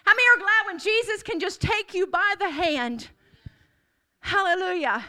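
Woman preacher, very high bright voice, declaring and repeating calls to a congregation. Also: normal speed. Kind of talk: sermon.

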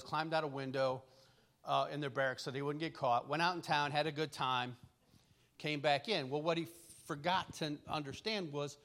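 A middle-aged man preaching a relaxed, conversational sermon, telling family stories with chuckles and frequent restarts. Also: a little high.

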